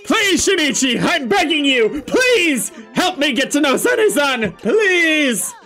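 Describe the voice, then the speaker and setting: A man voicing an excitable young girl in a visual novel, gushing, shouty and pleading. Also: very high-pitched, slow pace, soft background music, pitched above the performer's own voice, heavily acted.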